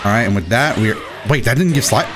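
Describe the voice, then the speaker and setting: A young man giving excitable, self-mocking live commentary while playing a fighting game. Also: medium pitch, fast. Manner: excitable, self-mocking, shouts at big plays. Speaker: gaming YouTuber. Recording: game music playing behind. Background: game music.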